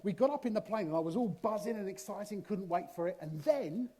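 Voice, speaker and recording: Excitable young footballer lad, as a preacher puts him on, high voice, breathless. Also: male voice, a little fast. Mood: excited.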